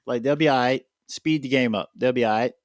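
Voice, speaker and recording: A man's voice: mid-range voice, fairly quick, no room sound. Rambling man hosting a podcast, dry sound. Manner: rambling, heavy filler words. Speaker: podcast host. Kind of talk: casual chat.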